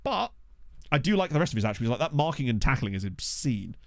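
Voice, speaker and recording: A man giving casual, excitable let's-play commentary, chatting to his viewers from a desk mic. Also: mid-range voice, fast talker, gravelly, no room sound. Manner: chatty, excitable, talks to chat. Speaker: game streamer. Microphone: desktop USB microphone.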